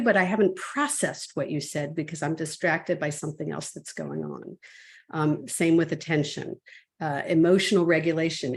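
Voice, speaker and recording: A middle-aged woman coach in a webinar, laying out her points one by one in a clear, orderly way. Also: low-pitched. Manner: methodical, lists points one by one. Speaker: parenting coach and expert guest. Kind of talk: explaining in a webinar.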